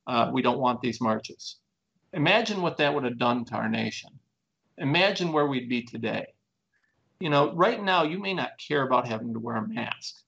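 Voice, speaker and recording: Earnest man with a gravelly voice. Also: animated, moderate pace, pushed and bright, lo-fi sound. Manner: earnest, emphatic, building to raised pitch. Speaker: plaintiff in a lawsuit. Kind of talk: conversational interview talk.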